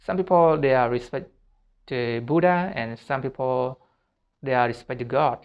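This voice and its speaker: A man's voice: mid-range voice, moderate pace, smooth, highs cut off. A man giving a motivational self-help talk in earnest, repetitive, simple phrasing of a non-native speaker.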